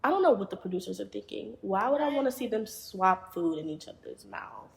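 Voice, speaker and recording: A woman's voice: mid-range voice, expressive, fairly quick, creaky. A woman guest on a podcast, chatting casually and animatedly, often laughing and mimicking voices. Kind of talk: casual chat. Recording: echoey room.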